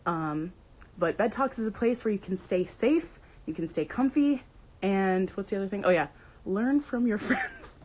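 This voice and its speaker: A woman's voice: medium pitch, expressive, normal speed, a little mellow, rough recording. A young woman hosting a casual livestream, bubbly and playful, greeting viewers by name. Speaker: livestream host.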